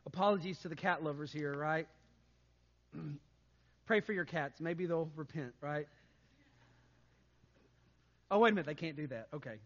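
A man preaching a sermon as pastor, conversational and animated, often adding "right?" to his points. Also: on the high side, a little slow, pauses often, big-room sound, lo-fi sound.

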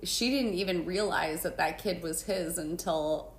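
A woman's voice: fairly low pitch, unhurried, slight background noise. A middle-aged woman co-hosting a podcast, chatty and laughing often. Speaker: podcast co-host. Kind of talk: casual chat. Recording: echoey room.

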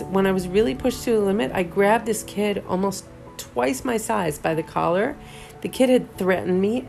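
A woman's voice: medium pitch, vocal fry, a little mellow. A middle-aged woman telling a personal story in a candid, reflective monologue, often restarting her sentences. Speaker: podcast host.

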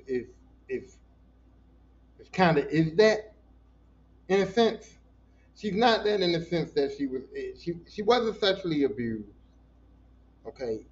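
A man's voice: medium pitch, darkish tone, slight background noise. A man hosting a podcast in a casual monologue, talking bluntly and profanely, with many repeated words. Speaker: podcast host. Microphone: voice message. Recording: dull lo-fi podcast audio.

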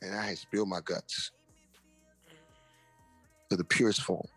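A man's voice: low voice, fairly even intonation, unhurried, pushed and bright, slightly rough, faint music behind. A young man, an interview guest and author, telling a personal testimony in casual slang and acting out the voices of people he quotes.

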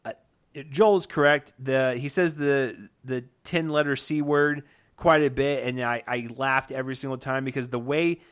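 A man's voice: mid-range voice, steady tone, moderate pace, fairly bright tone, smooth. A man giving a casual, enthusiastic movie review, talking with lots of fillers and restarts. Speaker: film reviewer.

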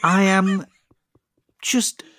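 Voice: medium pitch, fairly even intonation, drawn-out words, a bit bright, no echo, clean studio sound. A film reviewer, chatting casually and enthusiastically, often restarting sentences. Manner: enthusiastic, rambling, with frequent restarts. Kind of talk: casual radio-style film review chat.

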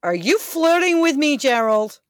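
A woman improvising a loud, drunk lumberjack who keeps restarting her lines. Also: high-pitched, big pitch swings, fairly quick, no echo, clean studio sound, voice pushed up. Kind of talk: improv comedy scene.

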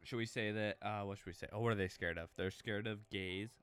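A man's voice: fairly low pitch, fairly even intonation, a little fast, fairly bright tone, clean tone. A man co-hosting a podcast, casually bantering and bossily shushing his partner. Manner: bossy, shushing. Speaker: podcast co-host. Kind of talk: casual banter, prank calling.

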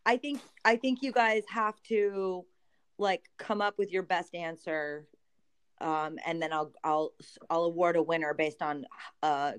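A woman's voice: lowish voice, steady tone, unhurried, clear, resonant tone. A woman, a Spanish teacher, chatting casually on a school podcast, often restarting her sentences as she thinks. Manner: chatty, restarts sentences while planning a game.

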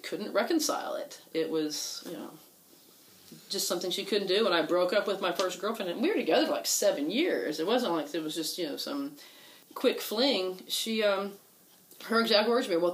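A woman telling a personal story in casual conversation, halting with many fillers and restarts. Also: fairly low pitch, low-quality recording. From Texas. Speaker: guest telling a coming-out story.

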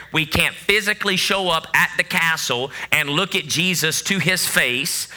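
Male preacher with a high, very bright voice, hammers his points with repetition. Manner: emphatic, repeats phrases for effect; acts out voices of God and of begging believers. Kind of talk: sermon.

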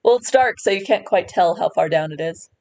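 A woman's voice: lowish voice, expressive, a little fast, darkish tone. A woman running a tabletop game as game master, narrating scenes with fillers and restarts.

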